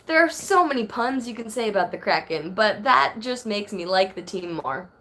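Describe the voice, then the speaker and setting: Animated and pushed, her medium-pitched voice sounds bright at a moderate pace, with a little hiss or hum in the background. She's in her thirties, chatting loosely on a phone livestream and reading out comments from viewers.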